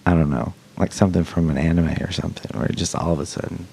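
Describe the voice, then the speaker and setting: A man's voice: low voice, fairly even intonation, quick pace, vocal fry, mellow, husky. A middle-aged man hosting a podcast, chatting casually, rambling and joking with plenty of swearing. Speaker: podcast host. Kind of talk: casual chat.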